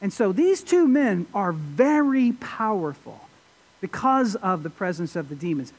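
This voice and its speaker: A male pastor delivers a sermon with a lively, swinging pitch. He talks in a warm-blooded, expressive way, often stopping to ask his listeners questions. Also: a little slow. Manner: expressive preaching with rhetorical questions.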